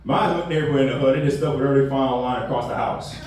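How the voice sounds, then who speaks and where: A man's voice: medium pitch, rapid-fire, darkish tone. Slangy male stand-up comic, echoey. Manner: loose, slangy storytelling. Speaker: stand-up comedian. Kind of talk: stand-up comedy. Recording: echoey room, distant mic, background noise.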